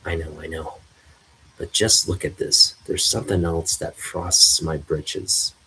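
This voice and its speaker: A man's voice: deep voice, steady tone, unhurried, pushed and bright, husky, exaggerated voice, low-quality recording. A man voicing an indignant older male farmer with folksy grumbling, reading a comic aloud. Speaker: comic reader.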